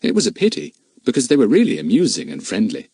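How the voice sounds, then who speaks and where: A man narrating a children's adventure audiobook in a lively, expressive way. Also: medium pitch, quick pace, gravelly, breathy edge, no room sound.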